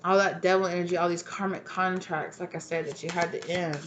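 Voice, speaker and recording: A woman's voice: fairly low pitch, steady tone, a little fast, lo-fi sound, very noisy. Tired, chatty woman tarot reader. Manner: casual, chatty, repeats "right?". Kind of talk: casual spoken tarot reading.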